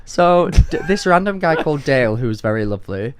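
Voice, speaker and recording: A man's voice: fairly high pitch, sing-song, fairly quick, clear, resonant tone, dry recording. A young man, co-hosting a podcast and telling a story in a chatty, playful way. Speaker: podcast co-host. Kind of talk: casual chat.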